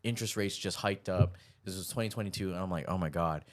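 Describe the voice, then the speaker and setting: A man from Hawaii hosts a relaxed interview. His voice sits on the low side, and he talks in a loose, slangy way, often tossing in dude. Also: fast. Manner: laid-back, slangy, calls people dude. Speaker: host. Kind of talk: casual interview chat.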